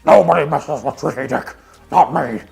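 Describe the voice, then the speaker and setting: Guy putting on a growly gravelly old crook of a president, bragging hard. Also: fairly high pitch, moderate pace, darkish tone, faint music behind, voice pushed down. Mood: boastful. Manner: growling, self-incriminating boasts. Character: gruff older male ex-president, boastful crook.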